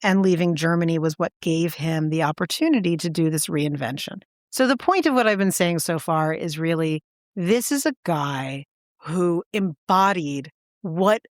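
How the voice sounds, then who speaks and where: A woman with a lowish voice tells a story in casual chat, eager and animated. She jumps up in pitch to stress her words. The recording is dry and close. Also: dry recording. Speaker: podcast co-host.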